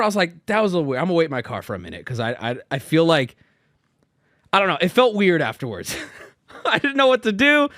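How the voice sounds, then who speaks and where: A man in his thirties telling a long story in a casual, animated way, swearing and acting out the exasperated dialogue. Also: sits high, no room sound.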